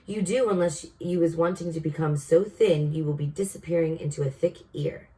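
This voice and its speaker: A woman reading aloud and voicing a big, kindly male giant who talks slowly and jumbles his words, heard from a distance. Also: sits low, dark tone, slight background noise, lightly acted. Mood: earnest. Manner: slow, earnest, mangled grammar. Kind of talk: storybook read-aloud.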